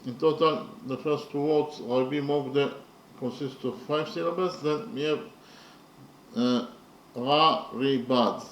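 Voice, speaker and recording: A man teaching poetry in a slow, methodical lecture, counting syllables carefully and pausing often with fillers. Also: on the high side, steady tone, echoey room, a little hiss or hum, poor audio.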